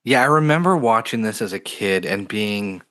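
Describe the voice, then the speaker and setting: A man with a somewhat low voice, co-hosting a casual podcast. He muses earnestly and reflectively, and his thoughts come out with plenty of filler words. He sounds like a man in his thirties. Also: expressive, normal speed, fairly bright tone. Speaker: podcast co-host.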